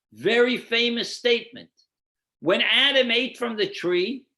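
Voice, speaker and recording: This man's voice is extremely high and sharp in tone. He's a rabbi giving an explanatory Torah lecture, raising rhetorical questions, answering them himself, and leading his listeners through a set of numbered source texts.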